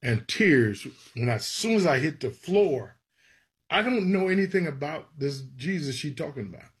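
Husky-voiced man telling a church story. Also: a little high, moderate pace. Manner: animated storyteller who acts out quotes. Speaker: gospel songwriter. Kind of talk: storytelling interview.

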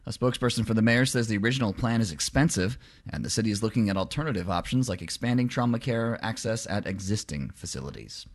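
A man with a fairly low voice reads the local news and the weather on radio. He moves along quickly, keeping the delivery conversational. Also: animated. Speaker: radio newscaster.

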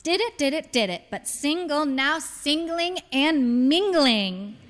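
A woman's voice: sits high, lively intonation, slow, a bit bright, big-room sound, pitched above the performer's own voice, exaggerated voice. A woman voicing a brash, flirty middle-aged mother who has been separated several times, speaking in a showy sing-song.

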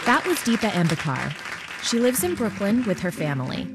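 A woman hosting a radio show, giving a calm, scripted wrap-up of a story. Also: mid-range voice, fairly quick, very noisy. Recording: loud music and crowd behind.

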